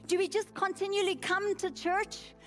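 A woman's voice: very high voice, flat delivery, normal speed, soft background music. A woman pastor in her thirties preaching a sermon with an emphatic, repetitive cadence.

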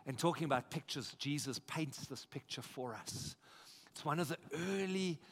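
A South African man preaching a sermon as pastor, emphatic and energetic, repeating phrases and asking the congregation questions. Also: high voice. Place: church.

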